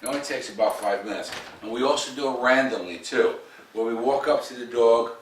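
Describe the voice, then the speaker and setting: A man's voice: medium pitch, brisk. Guy dog trainer bossing the owners around, kinda far from the mic in an echoey room. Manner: direct, demanding, joking. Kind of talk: coaching dog owners at home. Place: home, indoors. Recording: roomy, distant, faint background noise.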